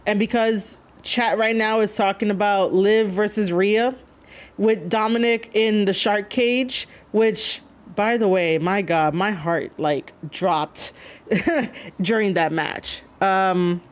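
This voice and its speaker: A woman's voice: mid-range voice, takes it slowly. Woman, live streamer, casual chat, rambling, lots of fillers, reads chat aloud. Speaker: streamer reacting to wrestling.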